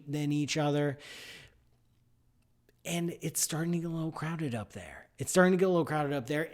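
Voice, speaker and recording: A man hosting a live science radio show from a studio, playful and animated with jokey asides. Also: a little high.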